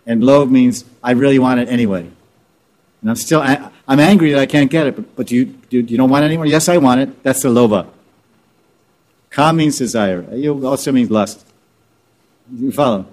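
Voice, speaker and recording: A man's voice: mid-range voice, normal speed, long pauses, a little mellow. A man teaching scripture informally, repeating and restarting words as he explains terms. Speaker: spiritual teacher.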